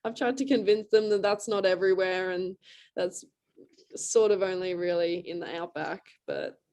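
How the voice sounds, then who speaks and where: A woman's voice: fairly low pitch, moderate pace, a little mellow. Chatty young Australian woman on a call. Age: young adult. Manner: chatty, laughing, many "like" fillers. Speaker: interview guest, college lacrosse player. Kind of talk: casual video call interview. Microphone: video call.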